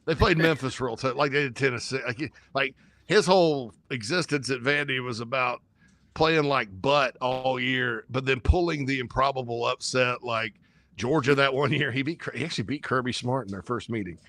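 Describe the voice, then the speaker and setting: A man co-hosting a casual sports talk show, rambling and joking with sudden jumps in pitch. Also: normal speed, sharp tone.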